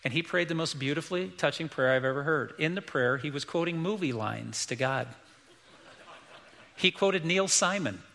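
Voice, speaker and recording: A man's voice: on the high side, normal speed, gravelly, sharp tone, long reverb tail. A middle-aged man preaching a sermon as pastor, emphatic and repeating key lines, acting out quoted voices.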